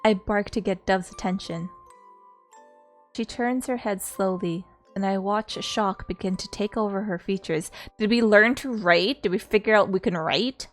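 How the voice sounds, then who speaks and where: A woman's voice: mid-range voice, measured pace, soft background music. A woman streamer reading a story game aloud in an earnest way, stopping now and then to talk with her viewers.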